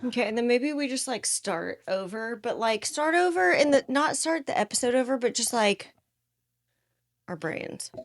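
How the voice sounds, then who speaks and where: Playful, higher-voiced woman podcaster. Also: normal speed, no echo, studio quality. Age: late 30s. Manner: playful and excitable, swears, laughs often. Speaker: podcast co-host. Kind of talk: casual chat. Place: couch at home.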